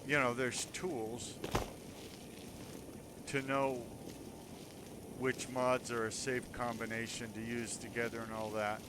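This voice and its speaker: A man's voice: medium pitch, flat delivery, takes it slowly, pauses often, background noise. A man hosting a gaming video, giving rambling, self-mocking let's-play commentary in a sarcastic tone.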